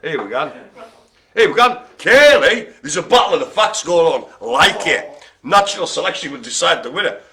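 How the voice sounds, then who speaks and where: A man hosting a bingo session, joking and chatting between calls with quick asides. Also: fairly high pitch, animated, creaky, bright, forceful tone. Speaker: bingo host. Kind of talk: lively bingo calling with banter.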